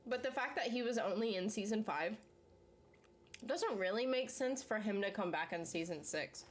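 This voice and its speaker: Young woman just chatting casually, rambly, says "like" a ton, mid-pitched voice. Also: moderate pace. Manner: rambling, filler-heavy with frequent "like" and laughs. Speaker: channel host. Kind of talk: casual chat reacting to a series while eating.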